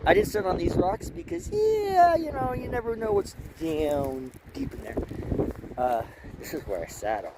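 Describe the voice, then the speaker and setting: A slightly high, animated male voice at a moderate pace comes through over background noise. The speaker, from Alaska, vlogs casually at a mountain campsite on a hike, a little tired, rambling into a handheld camera and interrupting himself.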